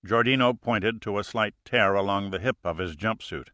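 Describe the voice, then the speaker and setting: A man narrating a thriller audiobook in a steady, measured way. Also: on the low side, dry recording, clean studio sound.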